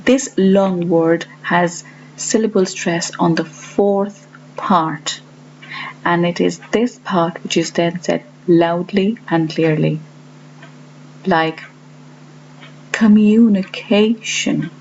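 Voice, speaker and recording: Woman teacher, measured and careful, sounding out each example word, low-pitched, on a muffled recording. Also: fairly even intonation. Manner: slow and deliberate, stresses example words. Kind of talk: explaining to learners. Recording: dull lo-fi audio with faint hum.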